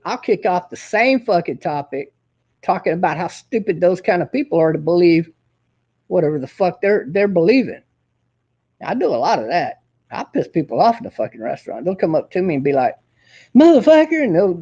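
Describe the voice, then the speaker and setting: A man's voice: fairly high pitch, a little mellow, husky, lo-fi sound. A man hosting his own show, ranting in a profane, combative and boastful way. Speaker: host. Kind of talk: casual ranting monologue.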